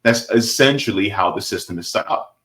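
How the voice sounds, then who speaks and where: A man's voice: fairly low pitch, expressive, brisk, fairly bright tone. A man commenting on a video clip in casual political talk, emphatic and repetitive, tossing in "right?" and "baby".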